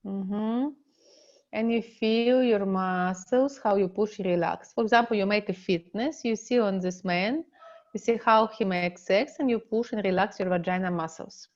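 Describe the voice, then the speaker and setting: Russian-accented woman, middle-aged, relationship coach; halting non-native English, unhurried delivery, a bit dull-sounding webinar recording. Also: medium pitch, a little mellow. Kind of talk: online seminar teaching.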